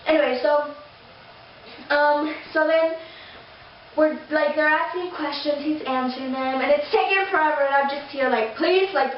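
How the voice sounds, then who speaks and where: Here the young vlogger's high voice holds a steady tone at normal speed as she rambles and gushes through a story to camera, full of fillers and false starts. Faint noise sits beneath a dull, distant and very echoey lo-fi recording.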